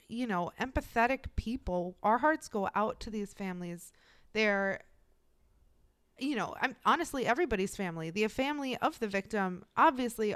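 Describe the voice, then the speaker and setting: A woman's voice: medium pitch, clear, resonant tone, no room sound, studio quality. A woman co-hosting a true crime podcast, reacting playfully and chatting casually. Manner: bubbly, quick reactions, playful interjections. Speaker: podcast co-host.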